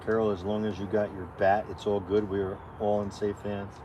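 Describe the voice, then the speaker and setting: Low-voiced joking man, noisy background. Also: completely flat delivery, moderate pace, highs cut off. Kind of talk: casual chat.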